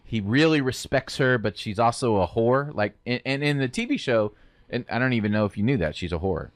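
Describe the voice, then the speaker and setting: A man casually chatting as a movie podcast co-host, rambling in an animated way. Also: mid-range voice, brisk, no echo.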